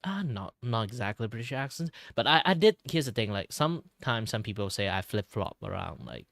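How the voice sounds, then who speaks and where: A man's voice: fairly low pitch, big pitch swings, brisk, creaky, fairly bright tone, no echo. A man from Malaysia hosting a casual art stream chat, rambling with lots of "like" and restarts. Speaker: streamer host.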